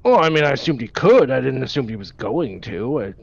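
A man playing a tabletop game character, talking his way out of trouble with smooth excuses. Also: mid-range voice, sing-song, fairly quick, crowd noise. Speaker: player. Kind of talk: in-character role-play. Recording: dull lo-fi audio.

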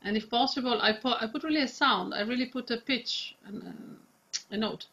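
In this lo-fi recording, a vocal coach gives a singing lesson, modeling phrases slowly and drawing out the Italian vowels. Her voice is a little high and sharp in tone.

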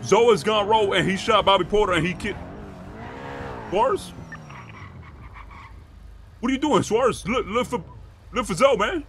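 A man roleplaying a gang member in a crime game, frantic and swearing, repeating himself as he yells for help. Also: high-pitched, moderate pace, pauses often, soft background music. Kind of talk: in-character GTA roleplay.

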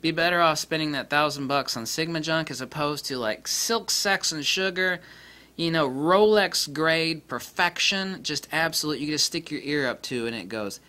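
A man with a bright, forceful, somewhat high voice rants bluntly about camera lenses. He is profane and mocking, swinging from low grumbles up to loud, high-pitched outbursts. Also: expressive, moderate pace. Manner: dramatic swings in pitch and loudness. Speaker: camera lens reviewer. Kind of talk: casual opinionated rant.

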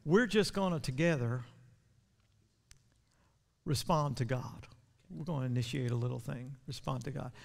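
A male pastor preaching a sermon, repeating his words and building to loud, fervent passages. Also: medium pitch, moderate pace, creaky, long pauses. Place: church sanctuary. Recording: long church hall reverb.

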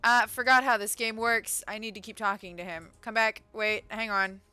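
A woman streaming a video game, chatting casually, laughing often and reacting excitedly to what she finds. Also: mid-range voice, moderate pace, clear, resonant tone, faint music behind. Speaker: gaming streamer. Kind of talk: casual let's-play commentary.

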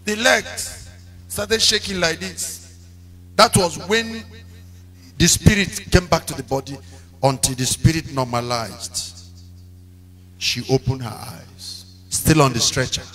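A man preaching a sermon, telling stories with drama and breaking into shouted call-and-response lines. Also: fairly high pitch, takes it slowly, long pauses. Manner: dramatic storytelling. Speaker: pastor.

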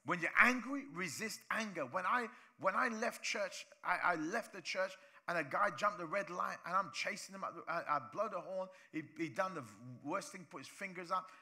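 A male pastor from preaching a sermon in church, animated, acting out voices of people he talks about. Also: high voice, normal speed, few pauses.

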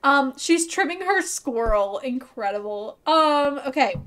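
Streaming a video game, a woman talks to her viewers in a bubbly, playful, casual way, swearing here and there as a let's play streamer. Her voice is high-pitched, expressive, and a bit bright at a measured pace, with slight background noise.

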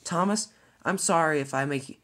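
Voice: mid-range voice, brisk, a bit bright, natural voice. A young storyteller voicing a kind, worried female train engine. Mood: pleading.

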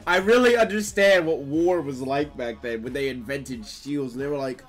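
A young man streaming a game live, talking casually in a profane, excitable, trash-talking way. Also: mid-range voice, moderate pace, hardly any pauses, faint music behind. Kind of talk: casual live gameplay commentary.

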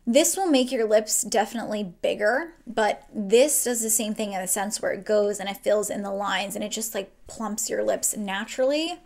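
Gushing young woman with a gravelly edge. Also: mid-range voice, moderate pace, few pauses, a little mellow. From New Jersey. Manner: chatty, gushing, swears casually. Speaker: beauty vlogger. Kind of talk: casual makeup tutorial. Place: at home, indoors.

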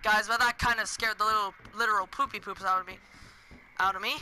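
A woman's voice: medium pitch, fairly quick, low-quality recording. A teenage girl commentating a horror game, hyper and jumpy, yelping and screaming at every scare. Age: teens. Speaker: gaming commentator. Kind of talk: let's play commentary.

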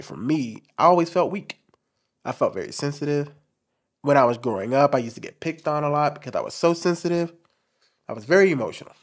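A young man talks straight to camera about his own life, in a soft voice pitched a little higher than most men's. His intonation swings widely from line to line. He is candid and forward, and talks with his hands. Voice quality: light, soft voice he calls feminine. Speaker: commentary channel host. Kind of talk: personal monologue to camera.

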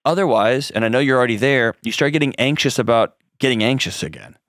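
A man's voice: mid-range voice, lively intonation, fast, fairly bright tone, no room sound, clean studio sound. A man hosting a call-in advice show, coaching a caller in an earnest, direct way with frequent restarts.

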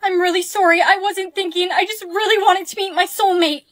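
Woman, very high voice, dramatic skit acting, dry sound. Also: fairly even intonation, fairly quick, fairly bright tone, no room sound. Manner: dramatic, playing many characters. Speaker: skit creator. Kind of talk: acted POV skits.

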